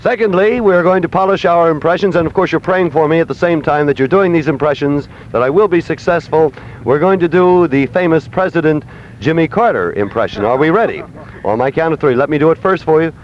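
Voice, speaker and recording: A theatrical male radio host with a fairly high voice, hamming it up through a stunt broadcast and leading the crowd in call-and-response. The sound is a muffled, lo-fi aircheck with faint hiss underneath, recorded outdoors. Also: a little fast. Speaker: radio morning show host. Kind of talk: zany live radio broadcast.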